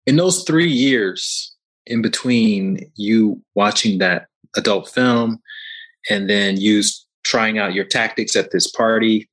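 A man's voice: on the low side, fairly bright tone, poor audio. A male podcast host, curious, asking long layered questions. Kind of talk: interview questions.

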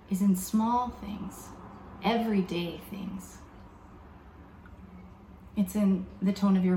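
A woman preaching a sermon in a reflective, measured way, slowing down to stress key words. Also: mid-range voice, mellow, slight background noise. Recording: echoey room with faint background ambience.

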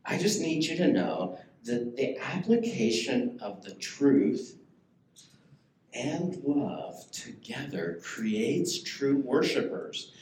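A man's voice: medium pitch, darkish tone, a little hiss or hum. A man preaching a sermon as pastor, talking in a conversational way and putting questions to the congregation. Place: church sanctuary. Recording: echoey church room, faint ambience.

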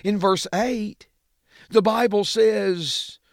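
A man preaching a sermon, swinging from booming emphasis to hushed low drops. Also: very slow, gravelly, no room sound, clean studio sound.

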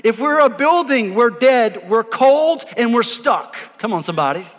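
A man, a pastor preaching an energetic sermon, emphatic and repeating words as he calls on the congregation to answer. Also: very high-pitched, moderate pace. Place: church auditorium before a congregation. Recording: live in a reverberant hall.

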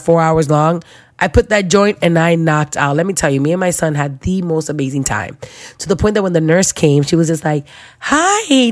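Young woman, low-pitched, dry close sound, animated storyteller who voices everyone in the tale. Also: no echo. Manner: animated, acts out other people's voices, slangy. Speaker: new mother. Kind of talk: casual storytelling.

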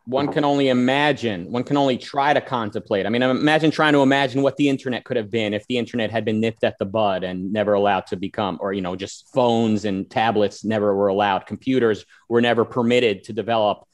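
A man hosting a casual panel talk, animated and rambling with many fillers, reading out viewer comments. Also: lowish voice, a little fast, few pauses. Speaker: host.

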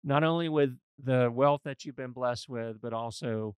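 A male financial advisor hosts a casual podcast chat, earnest and folksy as he presses his points home. His voice is smooth and resonant, sitting at a middle pitch, and it is recorded dry and close. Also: normal speed, dry recording. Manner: earnest, folksy, emphatic advice-giving. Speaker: financial advisor and show host. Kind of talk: conversational podcast discussion.

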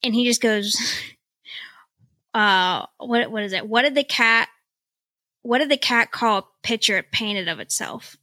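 Woman co-host, slightly high, bright, rambling self-mocking storyteller. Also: slow pace, long pauses, no echo. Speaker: podcast co-host. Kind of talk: casual chat.

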